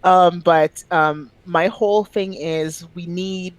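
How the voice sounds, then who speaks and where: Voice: mid-range voice, fairly even intonation, slow, no echo, low-quality recording. Opinionated podcast guest, dry close sound. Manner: opinionated, emphatic, frequent fillers. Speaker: guest, language business founder. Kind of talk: casual podcast conversation.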